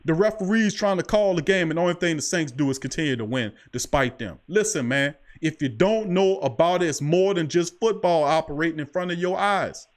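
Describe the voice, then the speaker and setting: A podcast host on a sports talk show speaks briskly with a fairly high, animated voice and hardly pauses. He's impassioned and preachy, hammering points home by repeating "I'm telling you."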